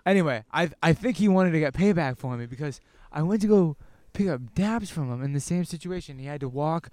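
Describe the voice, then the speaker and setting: A man's voice: on the high side, fairly quick, no room sound. Young man telling a rambling story. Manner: rambling, animated, swears when worked up. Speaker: podcast guest. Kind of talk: casual storytelling. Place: outdoors.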